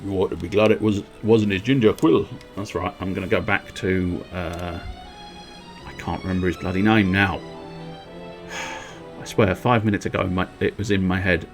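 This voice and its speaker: A man chatting to himself while streaming a video game, in rambling, quiet, self-amused asides. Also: sits low, steady tone, moderate pace, faint music behind. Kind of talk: casual game commentary.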